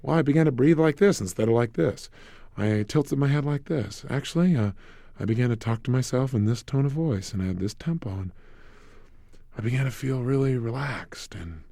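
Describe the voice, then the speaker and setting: Guy putting on a soft relaxed client voice, quiet and low, a bit gravelly. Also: no room sound, studio quality. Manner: soft, slow, hushed. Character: calm man recalling peace of mind.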